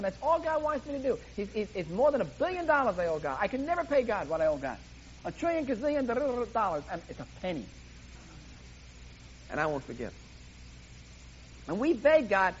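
A man's voice: extremely high pitch, a bit bright, lo-fi sound, slight background noise. A man preaching a sermon in an emphatic, impassioned way, often repeating himself for emphasis.

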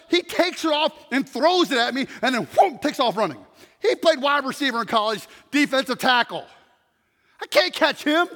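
A man with a very high, bright, forceful voice preaches a story-driven sermon. He swings between loud shouting and hushed, near-whispered passages. His voice rings through a large hall with a long reverb.

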